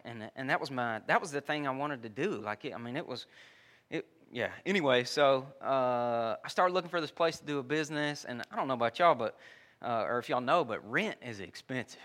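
Bright-voiced man preaching a casual sermon. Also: mid-range voice, expressive, brisk. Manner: conversational, uses dude and y'all, many restarts. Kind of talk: sermon with personal story.

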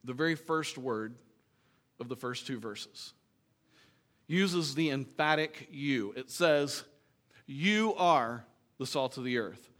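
A man's voice: mid-range voice, takes it slowly, a bit bright. A man preaching a sermon to his congregation in a conversational way, reading scripture and asking rhetorical questions. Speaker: pastor.

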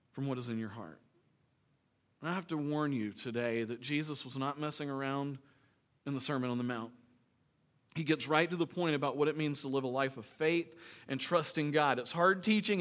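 Male pastor, slightly higher voice, conversational preaching, rhetorical questions. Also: fairly bright tone. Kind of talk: sermon.

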